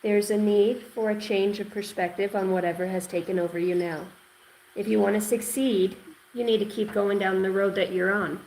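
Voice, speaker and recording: A woman giving an intuitive tarot reading, rambling and excitable, repeating words and swearing now and then. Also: medium pitch, moderate pace, low-quality recording. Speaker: tarot reader.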